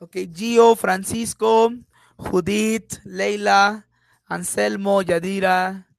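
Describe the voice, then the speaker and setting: A woman for whom is not a teaches an online class, pausing often with little "uh-huh" checks. Her voice sits at a middling pitch. The sound is dry and close, with no room around it. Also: flat delivery, vocal fry, no room sound. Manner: frequent "uh-huh" check-ins, repeats example sentences with acted intonation. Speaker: English teacher.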